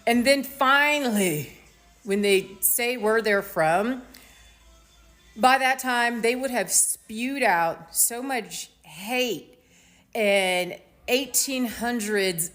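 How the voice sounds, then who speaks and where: A woman's voice: a little high, drawn-out words, a bit bright, soft background music. A woman from the United States hosting her own show, giving a blunt, emphatic commentary monologue full of fillers and restarts. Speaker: show host.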